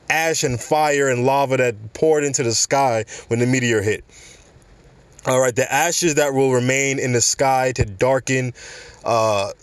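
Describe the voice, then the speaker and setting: This solo podcast comes from a host's home in South Florida, with a New York-born man speaking in a mid-pitched voice on a dry recording. His style is laid-back and street-slangy, with lots of meandering asides.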